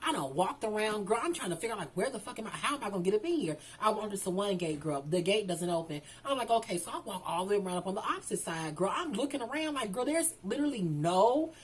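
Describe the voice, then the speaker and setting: A woman's voice: medium pitch, lively intonation, fast talker, few pauses, slight background noise. Sassy woman telling a storytime. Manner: sassy, profane, keeps calling the viewer "girl". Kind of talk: casual storytime vlog.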